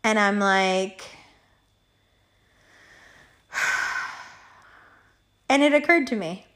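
A woman's voice: medium pitch, normal speed. A young woman telling a story to her viewers in a casual, profane monologue, acting out both sides of an argument. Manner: profane, animated, acts out both sides of a quarrel.

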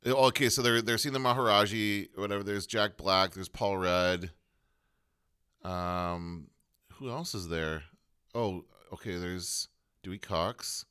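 A man co-hosting a casual podcast chat about movies, rambling and pausing to look things up. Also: low voice, pushed and bright, clean tone. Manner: rambling, looks things up mid-talk. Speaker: podcast co-host.

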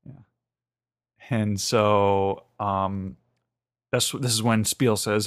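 A man's voice: lowish voice, steady tone, drawn-out words, clear, resonant tone. A man co-hosting a podcast, casually recapping an episode with lots of fillers and restarts. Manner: rambling retelling with many fillers and restarts. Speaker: podcast co-host.

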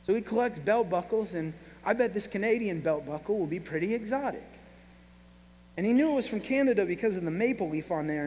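A man preaching a sermon, telling a story with lively acted-out voices. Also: sits high. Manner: animated storyteller, acts out quoted voices. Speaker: pastor. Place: church hall. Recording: reverberant hall, faint hum.

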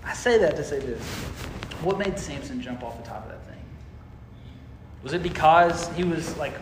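A man, a youth pastor telling a story in a sermon, animated and full of fillers. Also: fairly high pitch, normal speed. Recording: echoey room with noise.

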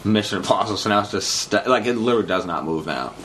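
A man's voice: fairly low pitch, expressive, fast talker, a bit bright, a little hiss or hum. A young man hosting a casual podcast chat, crude and jokey, laughing often and squeamish. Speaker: podcast host.

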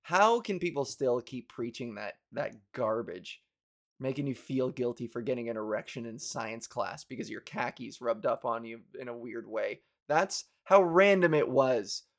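A man in a casual, rambling rant to his viewers, swearing freely and joking wryly. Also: mid-range voice. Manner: profane, rambling, wry.

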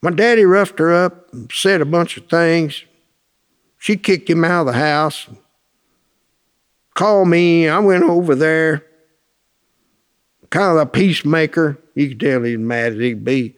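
A man's voice: a little high, measured pace, pauses often. A man telling plainspoken, colloquial anecdotes with lots of quoted dialogue, in a folksy storytelling talk.

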